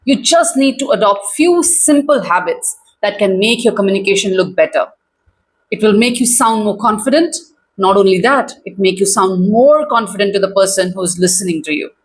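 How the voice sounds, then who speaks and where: A woman communication coach teaching straight to camera in a clear, measured, emphatic way. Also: mid-range voice, expressive.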